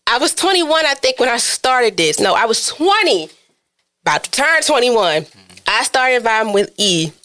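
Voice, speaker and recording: A woman in her twenties hosting a podcast in casual chat, talking in an animated, chatty way and acting out her own inner voice. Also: on the high side, moderate pace. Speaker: podcast host.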